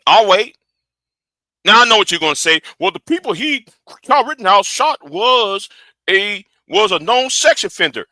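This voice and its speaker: A man hosting a livestream, reacting to a clip with animated, argumentative commentary aimed straight at his audience. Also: sits high, normal speed, no echo. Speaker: livestream host.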